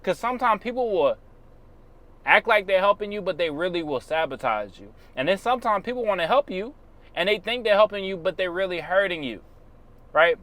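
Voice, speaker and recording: A man's voice: high-pitched, lively intonation, brisk, a bit bright. A man on his own channel giving blunt, preachy motivational advice in casual, slangy speech. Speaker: YouTuber.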